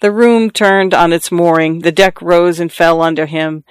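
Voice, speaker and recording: A man reads a novel aloud in a measured, expressive manner. His voice is smooth and a little higher than most men's. It is recorded close in a dry studio. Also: no room sound. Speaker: narrator. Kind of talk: audiobook narration.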